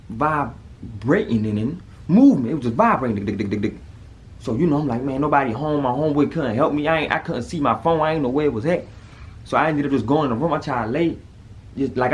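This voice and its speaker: A man, telling a personal story to camera in a casual, animated way that leaps up in pitch when he acts out panic. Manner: animated, jumps high when acting out panic.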